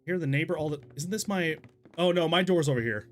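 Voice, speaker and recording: A man's voice: a little high, quick pace, faint music behind. A young man from Texas streaming a game, chatting casually with his chat, laughing often and exclaiming in disbelief. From Texas, USA. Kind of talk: casual live-stream commentary while gaming and reading chat.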